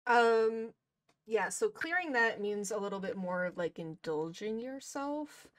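A woman's voice: mid-range voice, expressive. A woman running a tabletop superhero game, narrating scenes and explaining rules in a chatty way. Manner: chatty, quick to laugh. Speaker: game master.

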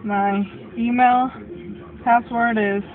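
A man's voice: extremely high pitch, fairly even intonation, takes it slowly, narrow, tinny audio, very noisy. A nervous man vlogging from inside a car lift, swearing and switching between English and Spanish. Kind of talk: casual vlog narration.

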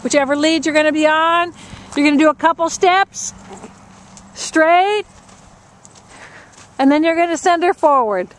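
A woman's voice: high-pitched, unhurried, long pauses. A woman riding instructor coaching a rider live, encouraging her and repeating short commands.

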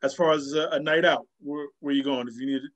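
A man hosting a casual interview, asking quick questions and affirming often. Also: on the high side, steady tone. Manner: quick rapid-fire questions, frequent affirmations. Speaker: podcast host.

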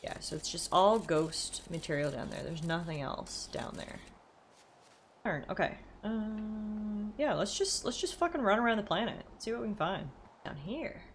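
Female streamer, live game commentary, animated pitch swings, excitable and shrieky, swears a lot. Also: normal speed, a little hiss or hum. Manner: excitable, shrieks, laughs and swears under pressure; reads in-game text aloud.

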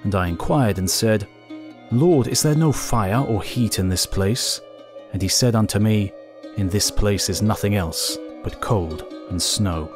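A man reading an old scripture text aloud as scripted narration, in a solemn, measured way. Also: fairly low pitch. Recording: faint music behind.

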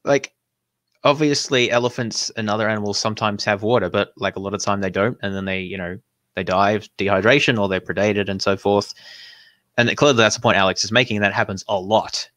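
A man's voice: fairly low pitch, fairly even intonation, a little fast, bright, forceful tone, no echo, studio quality. A man hosting a video, reacting to clips in casual, rambling commentary full of fillers and restarts. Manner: incredulous, laughing. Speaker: host responding to videos.

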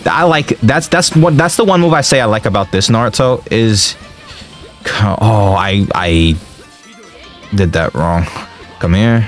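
A young man commenting on his own gameplay, excitable and slangy, often yelling and trash-talking the game as he plays. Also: on the low side, unhurried, pauses often, faint music behind. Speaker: gaming streamer.

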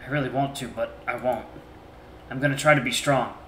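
Guy reading as a choked-up young dude, soft and halting, bright voice, echoey room with a little hiss. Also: mid-range voice, fairly even intonation, natural voice. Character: emotional young man remembering lost family.

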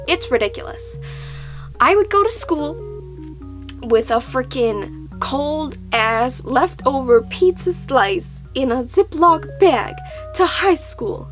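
Bubbly high-voiced young woman vlogging. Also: animated, slow, over music. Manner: bubbly, laughs often, casual swearing. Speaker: pet vlogger. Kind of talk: casual chat to camera.

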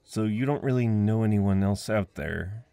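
A man voicing a friendly young man at a party, talking gently and coaxingly with frequent chuckles, in an audio role-play. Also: on the low side, moderate pace, gravelly, no room sound. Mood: gentle, teasing.

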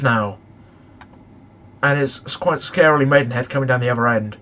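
A young man commentating on a football management game, excitable and shouting at the match in frustration. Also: mid-range voice, brisk. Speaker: gaming YouTuber.

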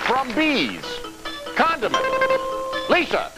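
High, lively male game show host. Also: takes it slowly, rough recording. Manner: upbeat, lively quizmaster patter. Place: TV studio with audience. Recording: loud TV studio broadcast with music and crowd. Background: music and studio crowd.

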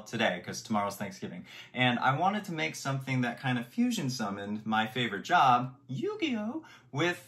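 A male voice actor hosts his video with a lively, playful delivery. His pitch swings widely, jumping high on key words. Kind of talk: casual video introduction.

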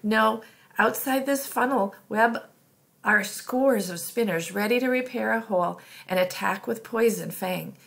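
A woman voicing a stern female commander, giving orders in a low hushed voice. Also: a little slow, gravelly.

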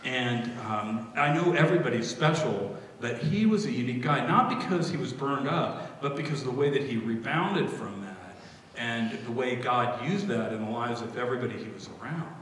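A middle-aged man gives his father's eulogy, emotional and close to tears, with some warm laughter. His voice comes from a distance and rings through a large hall with a long echo and faint background noise. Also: medium pitch, moderate pace. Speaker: eulogist son. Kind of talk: memorial eulogy. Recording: echoey hall from far off.

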